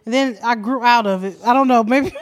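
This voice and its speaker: A woman joining in casual chat, chatty and quick to chime in. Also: a little high.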